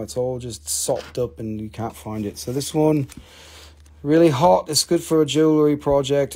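A man selling minerals on a live stream, talking casually and excitably to viewers, swearing and joking as he shows each piece. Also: mid-range voice. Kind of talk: casual live-sale patter.

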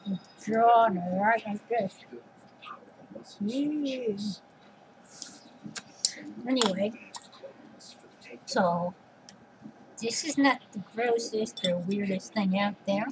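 A woman's voice: medium pitch, extremely slow, long pauses. A woman vlogger chatting casually while she eats, rambling and sometimes talking with her mouth full. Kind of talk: casual eating vlog chat. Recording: noisy home recording.

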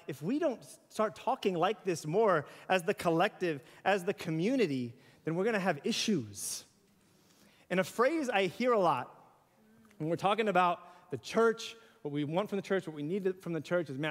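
A man preaching a sermon in a church, conversational and animated, with playful asides. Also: sits high. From US South. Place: church sanctuary. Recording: church hall with long reverb.

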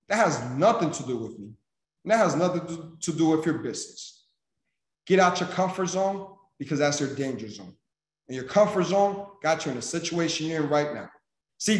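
Emphatic preachy man in echoey room. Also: fairly high pitch. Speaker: senior vice president and sales mentor. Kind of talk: motivational speech.

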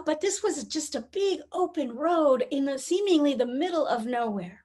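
High-voiced woman telling a story. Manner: warm storytelling, acts out quoted voices. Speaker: keynote speaker. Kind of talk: motivational talk with storytelling. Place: virtual conference, recorded remotely.

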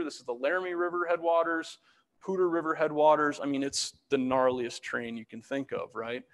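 A man's voice: medium pitch, big-room sound. A man giving a casual public talk as a fire meteorologist, walking through slides with self-deprecating jokes. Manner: self-deprecating, joking asides.

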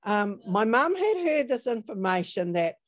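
A woman's voice: fairly high pitch, very animated, measured pace. A woman giving an online training talk over a video call, chatty and storytelling, with many fillers. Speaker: workshop presenter.

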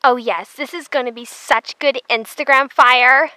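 A woman voicing a fussy, excitable young city girl on a trail ride, in a toy horse drama. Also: high-pitched, a little slow, dry recording. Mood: whiny. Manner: whiny, excitable.

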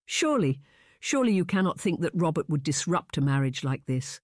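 A narrator voicing a gentle, hesitant older vicar in a period audiobook. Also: mid-range voice, very animated, fairly quick, no echo, studio quality, natural voice. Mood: dismayed. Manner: hesitant, mild, mournful. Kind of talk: audiobook character voice.

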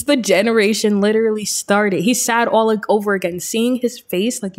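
A woman hosting a let's-play, giving chatty, excitable commentary as she tells her game's story. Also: medium pitch, moderate pace, soft background music. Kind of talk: casual gameplay commentary.

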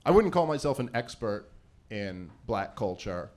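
A man's voice: lowish voice, big pitch swings, a little slow, a little mellow. A man in his thirties doing a rambling, self-deprecating stand-up comedy set on a live event stage. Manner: rambling, self-deprecating, lots of fillers and acted-out quotes.

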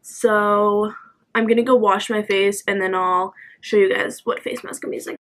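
A woman's voice: mid-range voice, fairly even intonation, moderate pace. A young woman talking casually to camera in a home vlog, filling her talk with "like" and "um". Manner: chatty, lots of "like" and "um". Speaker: vlogger. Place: at home, bedroom.

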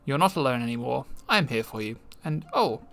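A man voicing a young female witch who talks in a bright, eager and earnest way. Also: mid-range voice, lively intonation, a little fast, gravelly, slight background noise.

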